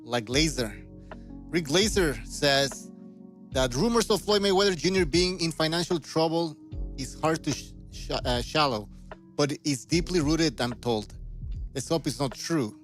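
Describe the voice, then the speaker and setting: A man's voice: a little high, lively intonation, measured pace, faint music behind. A man co-hosting a podcast, reading news items aloud and joking in casual chat. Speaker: podcast co-host.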